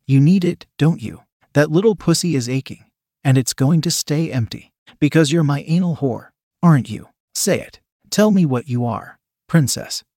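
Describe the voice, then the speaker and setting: A man voicing a smug, condescending dominant man who speaks in a low, teasing tone. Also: expressive, normal speed, dark tone, no room sound, clean studio sound.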